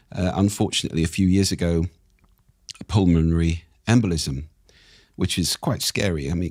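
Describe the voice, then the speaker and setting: Deep-voiced man, slightly croaky, dry. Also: darkish tone, dry recording. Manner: measured, explains with examples and anecdotes. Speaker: speaking expert, podcast guest. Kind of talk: explanatory interview talk. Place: podcast studio.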